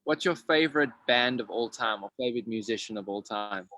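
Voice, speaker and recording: A man hosting a casual interview over a video call, putting quick rapid-fire questions to his guest. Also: mid-range voice, pushed and bright. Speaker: interview host.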